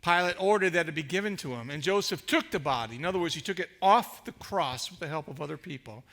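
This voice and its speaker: A man's voice: on the high side, expressive, fast, a bit bright. A man pastor delivering a sermon in a church, emphatic and rhetorical, building his points through repetition.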